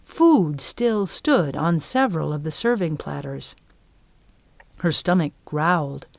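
Slow, dry-voiced woman reading a storybook. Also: low-pitched, creaky, no room sound. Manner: measured, expressive reading. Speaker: audiobook narrator. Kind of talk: scripted storybook narration.

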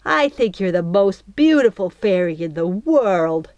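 A woman's voice: mid-range voice, sing-song, a little slow, a little mellow, no room sound, muffled recording. A woman voicing a shy, sweet seven-year-old girl who speaks earnestly.

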